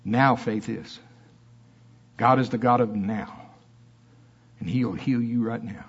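A man preaching a sermon in church with fiery emphasis that drops into soft asides. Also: medium pitch, steady tone, takes it slowly, slightly rough, highs cut off.

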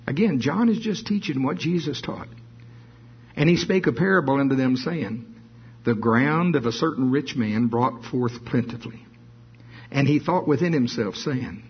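A man preaching a sermon, reading scripture slowly and adding playful asides. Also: medium pitch, breathy edge. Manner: reads scripture slowly, adds asides with laughs. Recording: dull lo-fi sermon recording.

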